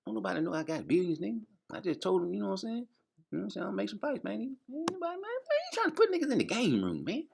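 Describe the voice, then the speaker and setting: A man's voice: high-pitched, huge pitch swings, very fast, gravelly, darkish tone, breathy edge. A man hosting a vlog, rambling through a profane, streetwise comic rant. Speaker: vlog host.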